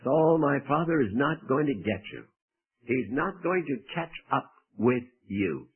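A man preacher acting out a young prince calmly reassuring a hunted friend, soothing and insistent. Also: medium pitch, a little slow, narrow, tinny audio.

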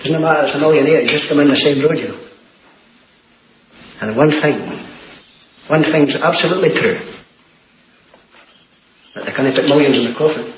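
A man preaching an earnest sermon, repeating key phrases and dropping to a hush for emphasis. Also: a little high, normal speed, pauses often. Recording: muffled, hissy, echoey old recording.

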